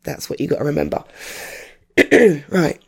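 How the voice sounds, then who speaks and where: A woman from North London with an English accent that has drifted from how she grew up, chatting in a rambling, self-deprecating way on a home recording setup; her voice sounds rough today. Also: low voice, huge pitch swings, a little slow. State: rough, off-colour voice. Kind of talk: casual chatty monologue.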